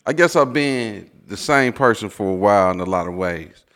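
A man's voice: on the low side, lively intonation, normal speed, a bit bright, big-room sound. A man co-hosting a casual podcast, talking in a laid-back, profane way. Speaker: podcast co-host. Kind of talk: casual chat.

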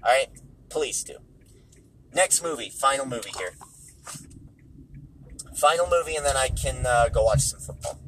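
A man's voice: mid-range voice, lively intonation, normal speed, pauses often, a bit bright, a little hiss or hum, rough recording. Man talking casually while driving. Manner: conversational, repeats points for emphasis. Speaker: movie reviewer. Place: car on the road.

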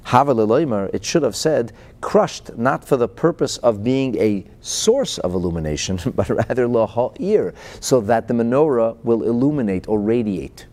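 A man's voice: mid-range voice, sing-song, moderate pace, few pauses, darkish tone. A man teaching Torah and explaining a Chassidic discourse. He reads out Hebrew phrases, translates them into English, asks rhetorical questions and chuckles between points.

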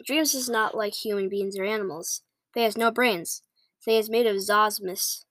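A woman reading aloud and voicing a big, gentle male giant who talks in mangled, folksy grammar. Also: medium pitch, normal speed, no room sound, lightly acted. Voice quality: ungrammatical folksy speech.

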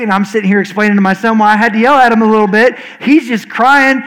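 A man in his forties preaching a sermon as a pastor, talking fast and earnestly with frequent restarts. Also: high voice, fairly even intonation, a bit bright, poor audio.

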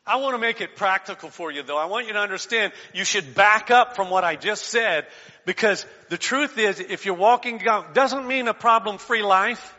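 Male pastor, high voice; sermon delivery with shouted calls and soft asides; dull, echoing church hall sound. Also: moderate pace. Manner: preaching with call-and-response, swinging from shouts to quiet asides.

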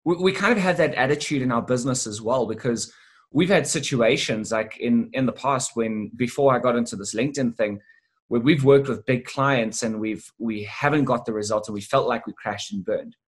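A man as an interview guest, telling a sales story in a lively, animated way with casual swearing. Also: medium pitch, normal speed, slightly rough. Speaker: guest, sales business owner.

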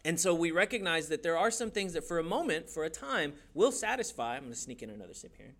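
A man teaching a church youth class in a playful, animated way, often laughing and acting out quick voices. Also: on the high side, vocal fry. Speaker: youth pastor.

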